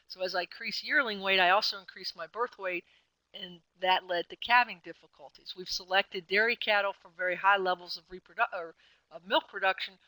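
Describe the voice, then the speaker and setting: A woman's voice: medium pitch, fairly quick, bright, forceful tone, no room sound, rough recording. A woman presenting a webinar lecture, explaining things conversationally with frequent fillers and self-corrections. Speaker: extension specialist presenting a webinar.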